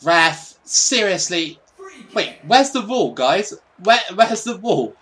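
A man giving casual, excitable, sweary commentary over his own football gameplay. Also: sits high, slow pace. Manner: excitable, sweary, mock-patriotic. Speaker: gaming YouTuber.

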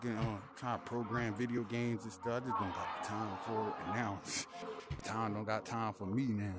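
A man's voice: fairly low pitch, noisy background. A young man trash-talking casually while playing a VR hockey game, boastful and slangy, laughing often, on a headset mic. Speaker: VR hockey player.

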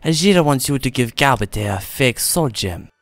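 A man's voice: medium pitch, lively intonation, moderate pace, a bit bright, no room sound, close to an everyday voice. A man voicing a third-person-talking cat mage. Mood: scheming. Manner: speaks of herself in third person. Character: scheming female cat-folk mage apprentice. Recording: game audio with faint music.

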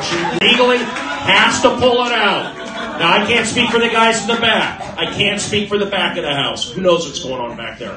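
Man, stand-up comic, pushy and hyped, fairly high voice, roomy club sound, heard from a distance. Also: background noise. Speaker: stand-up comedian. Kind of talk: stand-up set with crowd work. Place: comedy club stage.

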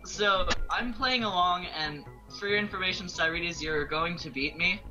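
High, bright-voiced American man, slow talker. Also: highs cut off, soft background music. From United States. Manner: rambling, self-deprecating. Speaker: speedrun racer. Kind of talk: casual chat while gaming.

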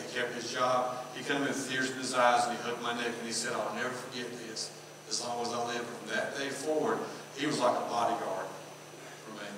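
A middle-aged pastor with a Southern accent preaches, acting out the voices in a personal story. He sounds far from the mic, in a very echoey church hall with a long reverb. A steady hum of room noise sits under his voice. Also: mid-range voice. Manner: storytelling, acts out dialogue. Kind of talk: sermon. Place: church sanctuary.

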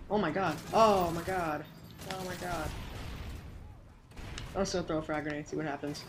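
Excitable low-voiced woman gaming commentator. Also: moderate pace, pauses often, slight background noise. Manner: excitable, jumpy exclamations; self-censoring, silly minced oaths. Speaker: gameplay commentator. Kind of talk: live gameplay commentary.

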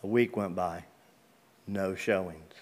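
A man with a fairly low voice gives a personal testimony as a guest speaker in a church. He tells his story in a relaxed, conversational way, with down-to-earth phrasing and everyday grammar. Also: takes it slowly. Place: church sanctuary.

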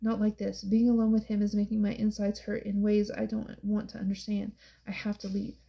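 A woman narrating a novel in the first person, with a steady, subdued and introspective delivery. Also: medium pitch, brisk, gravelly, rough recording. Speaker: audiobook narrator.

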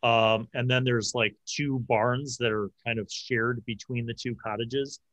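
A man's voice: medium pitch, fairly even intonation, fairly bright tone, no echo. Stammering male game master. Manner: halting, frequent restarts. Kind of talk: narrating a tabletop game.

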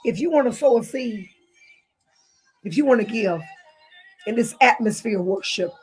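A woman's voice: on the high side, animated, moderate pace, slightly rough, soft background music. A woman pastor preaching a fervent online sermon full of repeated declarations, tearful and near crying at times. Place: online service, speaking to a screen.

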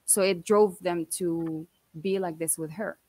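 A woman in her twenties telling a personal story in an interview, animated and blunt, often quoting what people said. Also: lowish voice, unhurried, dry recording, low-quality recording. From Canada. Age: 20s. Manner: animated, quotes others often, swears casually. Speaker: guest.

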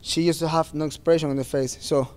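A man's voice: on the high side, steady tone, a little fast, darkish tone. A man speaking as a fighter at a post-fight press interview, earnest and plain-spoken, with non-native phrasing.

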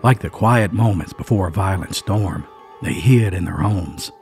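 Low-voiced man telling a dark folk tale. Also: unhurried. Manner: suspenseful, folksy storytelling with emphatic asides. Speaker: storyteller. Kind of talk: dramatic scripted narration. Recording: faint music underneath.

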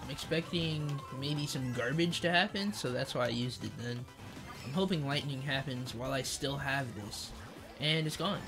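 A young man streaming a kart racing game, chatting in slang, joking, reading chat aloud and yelling at the game. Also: medium pitch, normal speed. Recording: faint game music behind.

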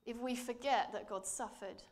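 A woman preaching in church, reading scripture and speaking in a measured, earnest way that drops softly for emphasis. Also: on the high side.

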